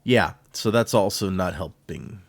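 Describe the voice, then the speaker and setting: A man's voice: low-pitched, lively intonation, measured pace, dry recording. A man co-hosting a podcast, animatedly retelling a book's plot in casual chat and often laughing. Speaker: podcast co-host. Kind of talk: casual book discussion.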